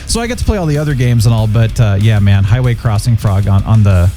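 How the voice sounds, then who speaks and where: Lively, animated podcast host. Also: male voice, lowish voice, soft background music. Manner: animated, jokey, quick to laugh. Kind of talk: casual chat.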